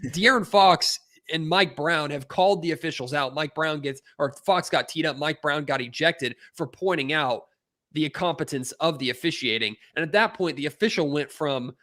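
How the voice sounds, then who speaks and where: Bright-voiced man ranting about sports. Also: fairly high pitch, moderate pace. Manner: animated, emphatic ranting. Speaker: sports anchor guest. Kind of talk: sports radio discussion.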